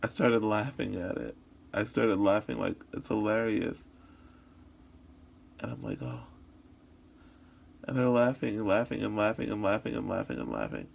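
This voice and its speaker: Creaky-voiced man voicing a story. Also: fairly low pitch, expressive, slight background noise. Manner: halting, with frequent restarts and repetitions. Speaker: voice interpreter practicing. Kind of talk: voicing a signed personal story in first person.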